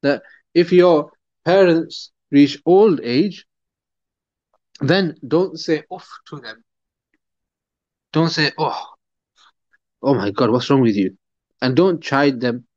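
A man's voice: a little high, a little mellow, dry recording. A man teaching a Quran commentary lesson in a conversational way, with frequent fillers and restarts. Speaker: religious teacher. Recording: dull, dry recording.

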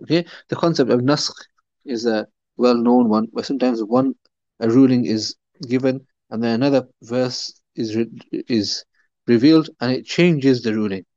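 A religious teacher with a mellow, mid-range voice explains the Quran at a moderate pace, in a chatty manner with many fillers and restarts. There's no room sound, and the recording is dull and dry.

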